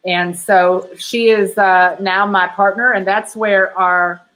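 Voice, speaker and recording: A woman's voice: medium pitch, steady tone, slow pace, fairly bright tone, low-quality recording. A woman hosting a casual live chat about her event, gushing with praise and swearing freely. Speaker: event organizer and host. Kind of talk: casual conversation, live stream.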